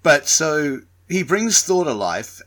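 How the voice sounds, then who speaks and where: A man co-hosting a podcast in casual chat, swearing freely with animated asides. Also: fairly high pitch, takes it slowly. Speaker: podcast co-host.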